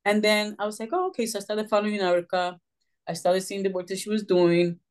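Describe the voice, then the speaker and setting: A woman's voice: medium pitch, flat delivery, a little fast, darkish tone. A woman social worker from Puerto Rico, telling her story as a podcast guest in a chatty way, full of "you know" and "um". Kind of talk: casual storytelling.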